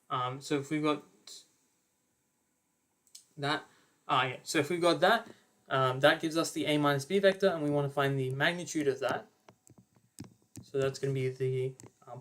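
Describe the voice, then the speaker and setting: A man's voice: a little high, fairly bright tone. Young man tutoring maths. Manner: casual, talks through working step by step with fillers and self-corrections. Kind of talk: online exam-revision lecture.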